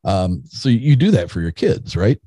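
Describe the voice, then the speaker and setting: A man's voice: deep voice, big pitch swings, normal speed, dark tone, slightly rough, no echo. A middle-aged man, a podcast guest, telling a story in a rambling casual way with restarts.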